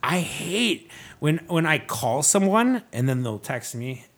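A man in casual podcast chat who swears freely and tells animated stories, acting out what other people said. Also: on the high side, slow, creaky. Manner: profane, animated storytelling with acted-out quotes. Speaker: podcast guest, nonprofit founder.

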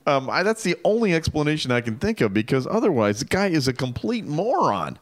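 A man co-hosting a radio talk show in casual banter, animated and laughing often as he reads items aloud. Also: a little high, a little fast, no room sound.

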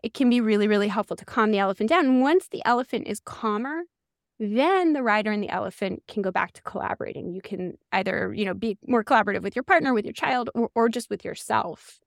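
Woman in her 40s, gravelly, dry close sound, animated guest explainer. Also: mid-range voice, quick pace, no room sound. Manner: animated, uses many "like" fillers. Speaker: guest author. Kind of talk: explanatory interview talk.

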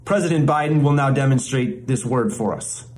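A man presenting a comedy bit as a mock language lesson, drilling words slowly and repeating them like a teacher. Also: medium pitch, very noisy.

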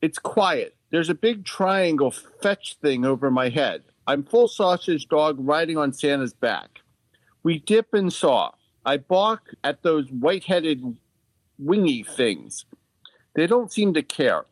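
A man telling the tale as a sweet, earnest family dog, childlike and a bit worried, his voice rising and falling in a lively, sing-song way, recorded close and dry with no room sound. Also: on the high side, takes it slowly, no room sound. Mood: wistful. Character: gentle male pet dog narrating a Christmas tale. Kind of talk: storytelling narration.

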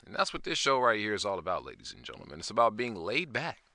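A man's voice: lowish voice, very animated, fast talker, bright, forceful tone, no room sound, clean studio sound. A man hosting his own podcast in a laid-back, slangy, profane manner. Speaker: podcast host. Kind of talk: casual podcast monologue.

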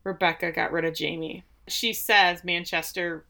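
A woman's voice: on the low side, steady tone, normal speed, gravelly, sharp tone. A woman co-hosting a casual chat, animatedly retelling scenes and acting out quoted lines. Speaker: podcast co-host. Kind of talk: casual chat recapping a show.

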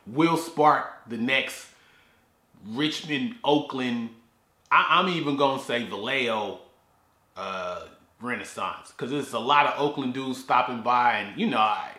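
A man hosts his own podcast in a loose, rambling way, stumbling over and repeating words as he goes. His voice has a bright edge. He is recorded in a garage that leaves a clear echo on everything he says. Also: mid-range voice, unhurried. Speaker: podcast host. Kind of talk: casual solo podcast talk. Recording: echoey garage.

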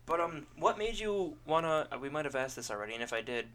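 A fast-talking man hosts a casual podcast, his voice bright and forward as he tosses out questions and stories. A soft noise sits behind the recording. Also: a little high, lively intonation. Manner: quick, chatty, laughing easily. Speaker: podcast host.

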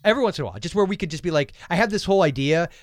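A man's voice: a little high, animated, very fast, no echo. A man hosting a podcast, chatting casually and rambling with jokes as he thinks aloud. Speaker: podcast host. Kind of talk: casual chat.

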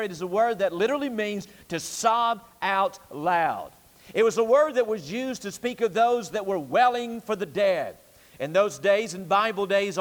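A man's voice: high-pitched, fairly bright tone, long reverb tail. A male pastor preaching an evening sermon in an emphatic, repetitive preaching cadence, recorded in a church sanctuary.

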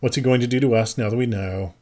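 A man reading the part of an exhausted but hard-edged woman neighbor, speaking quietly and haltingly in an audiobook. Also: mid-range voice, lightly acted. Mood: weary. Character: weary, tough-minded woman neighbor guarding sleepers.

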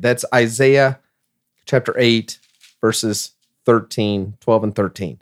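A man's voice: on the low side, slow. A man who is a pastor, talking emphatically in a casual podcast discussion and reading scripture passages aloud.

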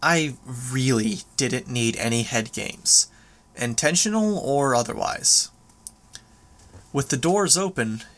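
A man narrating a first-person audiobook in a steady, measured reading voice. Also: mid-range voice.

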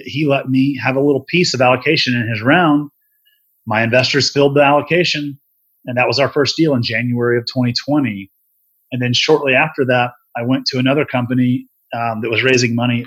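A man's voice: mid-range voice, a bit bright, slightly rough, highs cut off. A middle-aged man, a venture investor, telling his story in a loose, candid interview, sprinkling in "dude" and "man".

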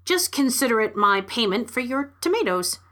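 A woman's voice: on the high side, very animated, moderate pace, a bit bright. A woman voicing a sardonic, hungry street raccoon with a smoky, growling voice. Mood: grudging.

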